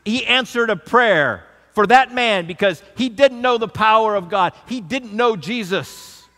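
A man's voice: sits high, expressive, unhurried, sharp tone, long reverb tail. A man preaching as a pastor, telling a story and leading an earnest prayer. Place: large tent meeting with long reverb.

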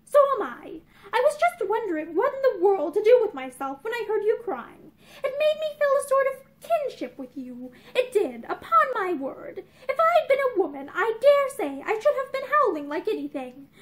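A woman reading as an earnest young gentleman. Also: extremely high pitch, sing-song, normal speed. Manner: coaxing, earnest. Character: impulsive kindly young gentleman.

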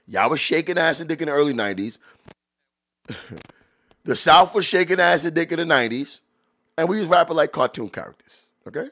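A man hosting a podcast, reacting to old rap videos in loose, animated talk full of drawn-out exclamations. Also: fairly high pitch. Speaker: podcast host. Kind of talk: casual commentary reacting to music videos.

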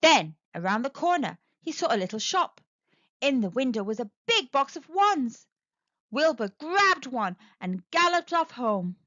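A woman telling a children's story aloud, with a sing-song, expressive delivery, in a slightly muffled, dry recording. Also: high voice, unhurried, no room sound. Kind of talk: children's read-aloud narration.

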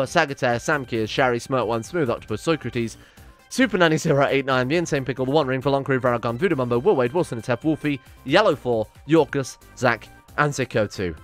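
A man's voice: mid-range voice, a bit bright. A man commenting on his strategy game play, rambling and exasperated, swearing often. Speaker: gaming YouTuber.

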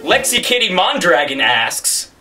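A man rants goofily in mock-serious tones, often stumbling over his restarts. His voice is bright and sharp, with a lively, swinging pitch. He sounds distant from the mic, with faint music behind. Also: measured pace. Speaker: guest co-host. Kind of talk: absurd comedy rant.

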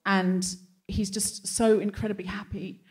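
A woman hosts a live comedy evening from a theatre stage, talking through a personal story in a loose, anecdotal way. Her voice sits at an ordinary middle pitch. She drops dry, wry punchlines into the telling. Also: flat delivery, unhurried, husky. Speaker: host.

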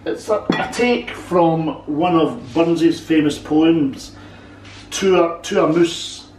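A man explaining food and customs in a casual cooking chat, halting and restarting as he goes. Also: on the high side, a little mellow, far from the mic, a little hiss or hum. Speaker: cook and co-host. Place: home kitchen. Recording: roomy kitchen sound from off-mic.

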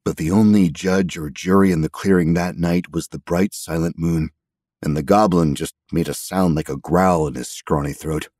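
A man with a very deep, husky voice narrates a first-person story at a measured pace. The sound is close and dry, with no room around it. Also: fairly even intonation, a little mellow, dry recording. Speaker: audiobook narrator.

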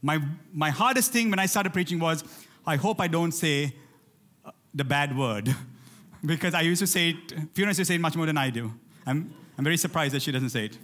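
A man preaching a lively sermon in church, calling out to his congregation and urging them to respond. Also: a little high, brisk. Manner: animated, rallies the congregation with call-outs. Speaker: pastor.

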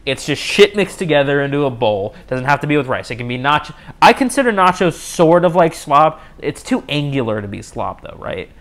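A man's voice: on the high side, sing-song, fairly quick, hardly any pauses, a bit bright. A young man hosting a solo podcast in a casual, rambling way, cracking jokes at his own expense and often restarting sentences. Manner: rambling, jokey, self-mocking, frequent restarts. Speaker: podcast host.

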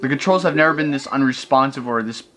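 A man's voice: mid-range voice, fast, background noise. A man giving gameplay commentary, ranting in frustration and swearing often. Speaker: let's play host. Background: video game music.

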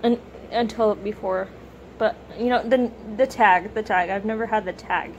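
A young woman filming a casual unboxing vlog at home, gushing and a bit self-conscious, her voice slightly rough from a cold. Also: medium pitch, normal speed, lo-fi sound, a little hiss or hum. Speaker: vlogger unboxing plush toys. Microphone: camera or phone camera.

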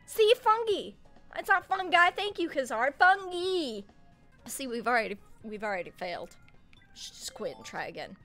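A young woman streaming a racing game, swearing, laughing and yelling at her opponents as she plays. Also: a little high, wildly swooping pitch, a little fast, soft background music. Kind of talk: live gaming commentary.

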